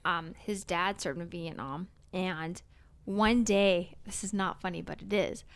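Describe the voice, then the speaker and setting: A woman's voice: on the low side, a little slow. A woman on a comics podcast, chatting casually and animatedly with many fillers. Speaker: podcast co-host. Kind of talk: casual chat.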